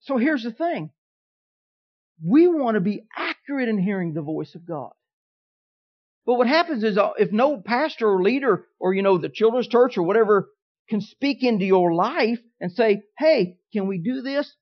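Man, pastor, folksy sermon storyteller with big swings in loudness; dull lo-fi recording. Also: sits high, expressive, moderate pace.

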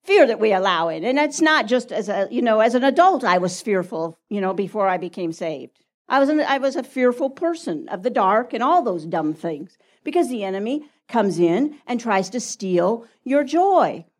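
A woman's voice: a little high, sing-song, normal speed. A woman telling a story at a church talk, acting out the voices and laughing often.

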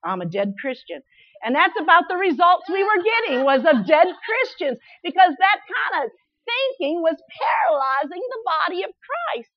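A woman preaching a sermon in an animated way, often repeating words in quick bursts and laughing as she speaks. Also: extremely high pitch, no room sound. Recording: dull, lo-fi, dry sound.

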